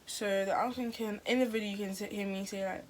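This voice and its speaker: A woman's voice: medium pitch, fairly even intonation, fast, slight background noise. A teenage girl, telling a story to camera in a rambling, chatty way. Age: teens. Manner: rambling and chatty, full of "like" and restarts. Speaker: vlogger. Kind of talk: casual storytime chat.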